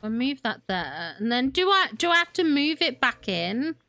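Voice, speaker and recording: A woman's voice: high-pitched, big pitch swings, moderate pace, pushed and bright. A young woman streaming a game, talking to herself in a flustered, chatty way with frequent laughs and exclamations. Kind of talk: gaming livestream commentary.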